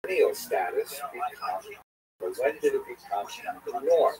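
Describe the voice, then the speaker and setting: Halting male lecturer, lively pitch. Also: poor audio. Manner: halting, with many filler pauses. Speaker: lecturer on religious texts. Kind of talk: recorded lecture.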